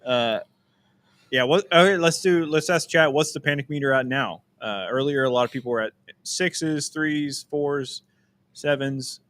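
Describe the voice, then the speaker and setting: A man's voice: fairly high pitch, a little slow, a bit bright. A young man co-hosting a casual live stream, talking animatedly, laughing often and trailing off into restarts. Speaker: co-host.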